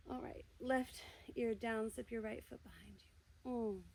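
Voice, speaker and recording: A woman from the American South leading a slow, soft-spoken guided yin yoga class, talking calmly between breaths. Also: a little high, creaky, poor audio. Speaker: yoga teacher.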